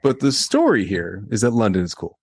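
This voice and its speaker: A young man co-hosting a podcast, telling a story in a casual, animated way and acting out the quotes. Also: lowish voice, a little fast, husky, no echo, studio quality. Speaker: podcast co-host.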